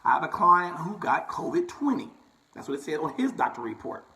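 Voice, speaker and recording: A man's voice: a little high, big pitch swings, fairly quick, pushed and bright, low-quality recording. A young barber talking casually to his viewers, telling a personal story and checking in with "right?" and "okay?" as he goes. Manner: chatty, repeats "right?" and "okay?" often. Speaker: barber and vlogger.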